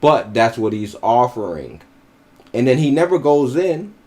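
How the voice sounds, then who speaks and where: A man's voice: medium pitch, very animated, measured pace, dark tone. Blunt, profane male podcast commentator. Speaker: podcast co-host. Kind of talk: casual commentary.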